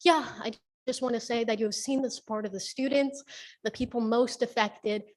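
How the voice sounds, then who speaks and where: Breathless high-school girl, halting and apologetic, a bit high-pitched. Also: fairly even intonation, a little mellow. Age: teens. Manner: hesitant, apologetic, with fillers and restarts. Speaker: student public commenter. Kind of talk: public comment at a school board meeting.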